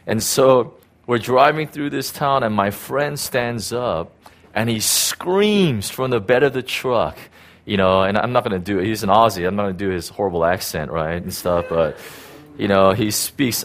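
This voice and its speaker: A man's voice: fairly low pitch, slight background noise. A middle-aged man, a pastor, telling a personal story in a casual, rambling sermon with many fillers and restarts.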